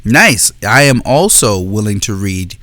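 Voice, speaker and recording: A man co-hosting a podcast in casual chat, easygoing and quick to laugh. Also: fairly low pitch, sing-song, sharp tone, no echo. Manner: easygoing, laughs often, supportive replies. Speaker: podcast co-host.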